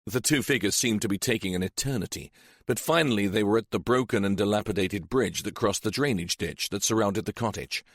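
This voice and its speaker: A man reading a crime novel aloud in measured, atmospheric narration. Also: lowish voice, no room sound, clean studio sound. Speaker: audiobook narrator. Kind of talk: scripted narration.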